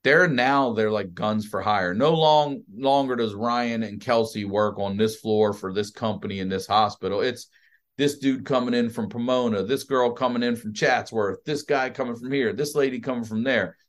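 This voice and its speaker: A man, a comedian guest on a podcast, telling a hospital story in a casual, profane, animated way. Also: mid-range voice, moderate pace. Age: adult with a child. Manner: animated, profane, acts out other people's voices.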